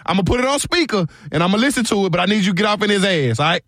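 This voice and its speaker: A man's voice: sits high, lively intonation, racing, a bit bright, no echo. A man posing as a police officer on a prank call, drawling and teasing in a mock-serious way.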